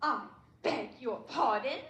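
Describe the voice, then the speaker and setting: A woman's voice: high-pitched, a bit bright. A young woman in a school stage play, playing a flamboyant, gushing actress who speaks in a theatrical way. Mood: flustered. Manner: theatrical, gushing, drawn-out vowels. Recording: echoey auditorium, faint hiss.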